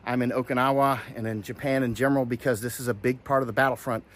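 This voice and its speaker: A man's voice: medium pitch, fairly even intonation, fast, a little hiss or hum. Rambling man with many restarts. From Florida. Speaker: commentator. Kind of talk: casual commentary. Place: outdoors, in hot weather.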